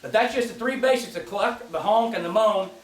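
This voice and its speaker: A man giving a casual spoken demonstration of goose calling, in a relaxed, folksy way that repeats and restarts his phrases. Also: high voice, a little fast. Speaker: goose call instructor. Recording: distant mic in an echoey space, faint clicking.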